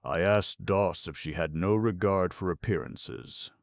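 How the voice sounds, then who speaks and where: A man's voice: low-pitched, measured pace, dry recording, clean studio sound, voice pushed up. Man playing a stern, condescending uncle. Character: stern self-important older uncle.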